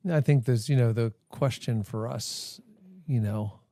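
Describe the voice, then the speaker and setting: A man hosting a faith podcast in a relaxed conversational way, filling his speech with "you know" and "like.". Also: mid-range voice, measured pace, no room sound, clean studio sound. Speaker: podcast host. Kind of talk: casual podcast discussion.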